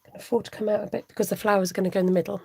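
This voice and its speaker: A woman's voice: mid-range voice, steady tone, very fast, creaky, mellow, breathy edge. A woman hosting a live crafting stream, thinking aloud, humming and chatting with viewers.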